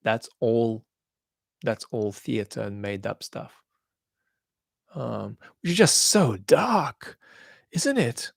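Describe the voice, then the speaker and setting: A man's voice: medium pitch, expressive, slow, creaky, pauses often, no echo, clean studio sound. A man hosting a live stream, reading out viewer comments, with a mixed accent that holds traces of Australian and London. He talks thoughtfully, with many ums, and turns blunt when he judges. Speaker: livestream host.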